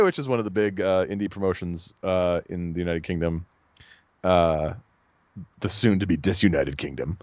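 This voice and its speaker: A man co-hosting a podcast, chatting casually in a rambling, animated way and laughing at his own jokes. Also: lowish voice, no room sound. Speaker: podcast co-host. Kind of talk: casual chat.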